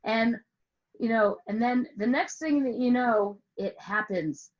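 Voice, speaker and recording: Slow, playful woman music teacher. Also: fairly high pitch, lo-fi sound. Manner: playful storytelling, asks questions, drawn-out emphasis. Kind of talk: teaching a music lesson to teachers through a story. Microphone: online call with screen share.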